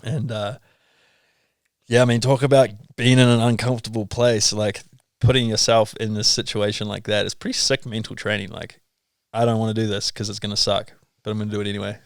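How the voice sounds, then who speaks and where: Kiwi guy, pro-skier guest, chill storyteller, smooth low voice, dry sound. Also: level tone, fairly quick, no echo. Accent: New Zealand. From New Zealand. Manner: laid-back, filler-heavy, lots of "like" and "bro". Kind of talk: casual podcast storytelling.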